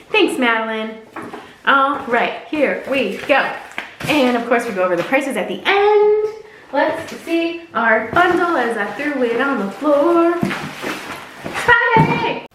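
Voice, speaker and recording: A woman's voice: high voice, animated, slow, long pauses, a bit bright, a little hiss or hum. Bubbly, chatty woman vlogger in an echoey room. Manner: bubbly, chatty, goes off on tangents. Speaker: fashion vlogger. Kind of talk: casual unboxing chat.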